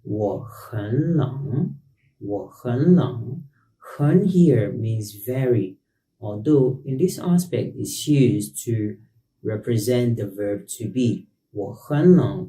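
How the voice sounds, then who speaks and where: A man teaching a beginner language lesson as the host. He explains patiently and repeats each word slowly. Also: mid-range voice, warm tone. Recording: roomy echo, distant mic.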